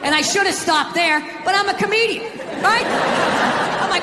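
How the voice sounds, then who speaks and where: A middle-aged man doing a stand-up routine on stage, ranting with profanity and breaking into shouts. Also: very high voice, normal speed, long pauses. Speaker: stand-up comedian. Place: live comedy venue on stage. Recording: echoey hall, crowd laughter, noise. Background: audience laughter.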